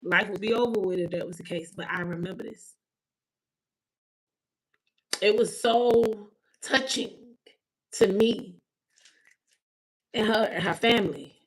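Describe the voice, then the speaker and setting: A woman's voice: medium pitch, a little slow, long pauses, a little hiss or hum, rough recording. A woman tarot reader on an emotional live stream, talking to her viewers, repeating herself and close to tears. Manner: spiritual, ends with a prayer.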